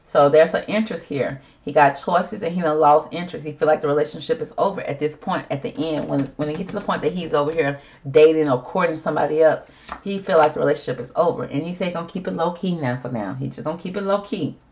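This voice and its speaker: A woman's voice: sits low, quick pace, a little mellow, muffled recording. A woman doing a casual tarot reading, chatty and sassy, calling viewers girl and y'all. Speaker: tarot reader.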